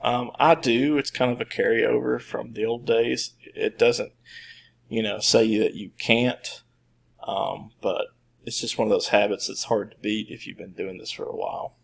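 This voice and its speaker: A man in his thirties giving a relaxed, rambling coding lesson with many fillers and restarts. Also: mid-range voice, normal speed, creaky, husky. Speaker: teacher. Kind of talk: screen-recorded coding lesson.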